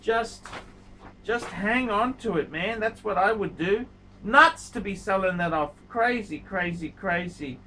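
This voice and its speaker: Man, watch reviewer, high voice, bright edge, blunt and scolding, repeats himself, faint background hiss. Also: expressive, a little slow, poor audio. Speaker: watch reviewer and channel host. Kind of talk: casual video review monologue.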